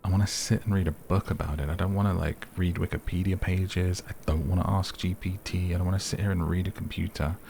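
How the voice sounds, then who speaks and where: A soft-spoken man with a very low voice giving slow, rambling, gently amused commentary on a game to help listeners sleep. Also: gravelly, slight background noise. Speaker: gaming ASMR host.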